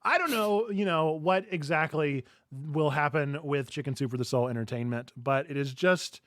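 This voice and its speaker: A man hosting a casual news show, chatty and animated, often laughing through his words. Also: on the high side, normal speed, dry recording. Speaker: podcast host.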